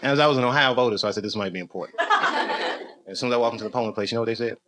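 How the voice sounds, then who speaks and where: Man, stand-up comedy set, fast talker, lots of background noise. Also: mid-range voice. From United States. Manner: animated, swings into loud excited bursts. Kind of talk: stand-up routine. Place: comedy club with a live audience.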